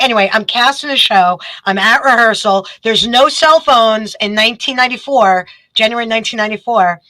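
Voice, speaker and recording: A woman, a guest telling a story in casual chat, animated and quick. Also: fairly high pitch, no echo, rough recording. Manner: animated, quick storytelling with bursts of acted quotes.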